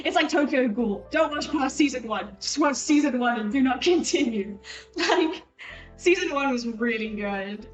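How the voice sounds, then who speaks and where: A young woman chatting casually with her stream while studying, animated, swearing freely and jumping between tangents. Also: a little high, recorded from a distance, poor audio. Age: young adult. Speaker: student streamer. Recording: voice a bit off mic, with music behind.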